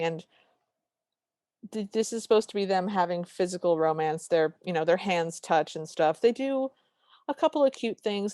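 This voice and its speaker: A woman's voice: lowish voice, dry recording, clean studio sound. A woman co-hosting a podcast, recapping a film in casual chat and acting out the characters' lines. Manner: animated, acts out quotes in voices. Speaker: podcast co-host.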